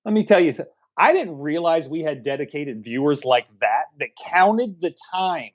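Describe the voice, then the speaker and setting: A man's voice: on the high side, animated, normal speed, highs cut off. A man co-hosting a film review podcast, blunt and profane, chatting casually. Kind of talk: casual chat.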